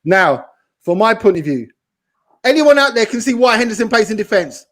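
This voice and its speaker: Guy, fairly high voice, slangy fan rant on a football panel. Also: moderate pace. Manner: slangy, animated, talks over others. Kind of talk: heated football fan chat.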